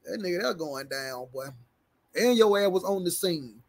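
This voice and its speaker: A man's voice: high voice, lively intonation, moderate pace, vocal fry. A man giving casual, slangy commentary, stumbling over big words as he reads a report aloud and jokes with his viewers. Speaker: reaction commentator.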